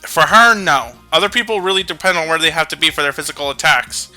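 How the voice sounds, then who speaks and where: A man's voice: a little high, lively intonation, quick pace, bright, forceful tone, soft background music. A man commenting casually on a video game he plays, joking, swearing and explaining game mechanics. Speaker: let's play commentator.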